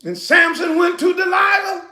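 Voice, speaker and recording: A man preaching a sermon in a loud, emphatic, laughing way, with slangy street talk, in an echoey room. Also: very high voice, normal speed.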